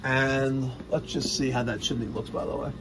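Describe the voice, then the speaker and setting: A man's voice: mid-range voice, fairly even intonation, moderate pace, noisy background. A man working as a heating technician, explaining a furnace's parts step by step in a chatty on-site walkthrough in a house basement. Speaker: HVAC technician.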